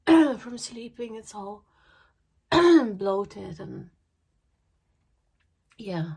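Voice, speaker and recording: Brief: woman vlogger, ill and short of breath, gravelly voice, slow halting delivery. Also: mid-range voice, animated, a little mellow. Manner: halting, with many pauses and fillers. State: out of breath and coughing from illness. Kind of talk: casual vlog chat. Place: indoors at a dressing table.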